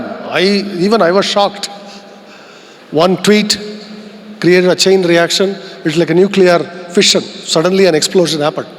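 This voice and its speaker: A man with an Indian English accent speaks in a fairly high voice, delivering an earnest keynote at a conference. He muses aloud and poses rhetorical questions to the crowd, and his words ring out with the long echo of a large hall.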